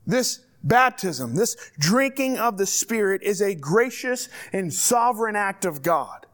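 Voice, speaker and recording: Man, pastor, sermon, high-pitched, earnest, direct exhortation. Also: big pitch swings, unhurried, a bit bright.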